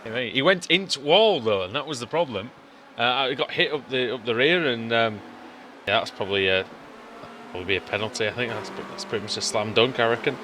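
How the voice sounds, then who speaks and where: A man's voice: medium pitch, a little fast, a little hiss or hum. A man giving chatty, rambling live commentary on a sim race, with many fillers. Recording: race car engines loud behind.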